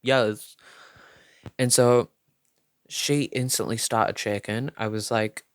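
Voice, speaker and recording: A man's voice: mid-range voice, no echo, studio quality. Sassy young man spilling drama. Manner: sassy, dramatic, heavy swearing; fast, lively gossip delivery. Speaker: storytime vlogger. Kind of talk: storytime retelling.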